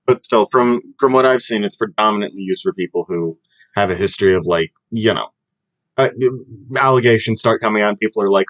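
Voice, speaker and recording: A man's voice: lowish voice, fairly bright tone, dry recording. A young man from the States, co-hosting a podcast in casual, rambling, jokey chat. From Southern United States. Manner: rambling, jokey, quick to laugh. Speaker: podcast co-host. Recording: dry, dull lo-fi audio.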